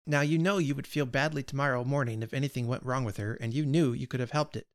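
A man's voice: medium pitch, steady tone, quick pace, close to an everyday voice. A man reading aloud, voicing a talkative, earnest male burglar who pleads and explains himself with odd cheer. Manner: earnest, pleading, lightly pompous.

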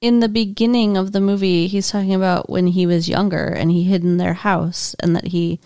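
A woman's voice: lowish voice, flat delivery, moderate pace, mellow, clear, resonant tone, no echo. Dry-voiced woman chatting casually. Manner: casual, blunt, groans in disgust. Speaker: podcast co-host. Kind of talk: casual movie discussion.

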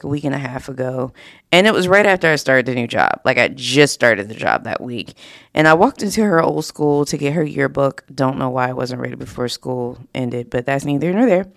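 A woman's voice: sits low, vocal fry, no echo, studio quality. A woman hosting her own podcast, talking in a chatty, candid, casual way. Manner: chatty and candid, with frequent fillers and laughs. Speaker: podcast host. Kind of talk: casual solo podcast talk.

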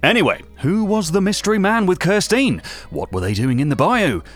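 An actor playing a gossipy, self-regarding British local radio host with a British accent, rambling from one aside to the next in a comedy radio monologue. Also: male voice, sits high, big pitch swings, normal speed.

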